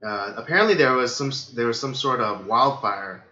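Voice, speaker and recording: Hoarse male podcast host, rambling casual chat, bright edge, roomy and dull lo-fi sound. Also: mid-range voice, animated, fairly quick, a little hiss or hum. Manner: rambling, many fillers.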